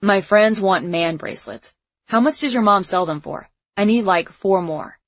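A woman's voice: medium pitch, normal speed, dry recording, lo-fi sound, natural voice. A woman reading the lines of a casual, teasing teenage boy in an audiobook.

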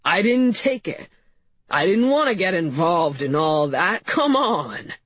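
A woman's voice: lowish voice, sing-song, slow pace, slightly rough, no room sound, exaggerated voice. A woman voicing a frightened, defensive man who pleads his innocence. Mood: scared pleading. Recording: slightly muffled recording.

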